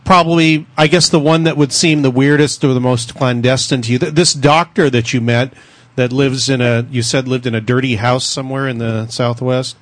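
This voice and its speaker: American man, interviewer, chatty halting questions, dry close sound. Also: medium pitch, steady tone, dry recording. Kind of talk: casual interview talk.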